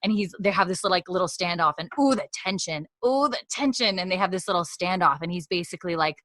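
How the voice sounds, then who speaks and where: A woman co-hosting a podcast, recapping a TV episode in casual chat and acting out the characters' lines in quick put-on voices. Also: fairly low pitch, fairly bright tone, dry recording. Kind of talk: casual chat, animated retelling.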